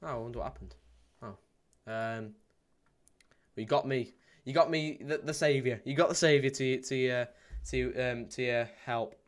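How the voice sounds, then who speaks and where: A man hosting a live football watchalong stream. He chats casually, reads out viewer comments with plenty of ums, and breaks into excited play-by-play. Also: medium pitch, moderate pace. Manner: bursts into excited play-by-play at goals. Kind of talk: live match watchalong chat.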